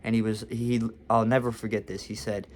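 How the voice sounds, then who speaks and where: A man's voice: fairly low pitch, little pitch movement, a little fast, a little mellow, a little hiss or hum. A young man vlogging a casual storytime, talking candidly and confessionally about his own experience.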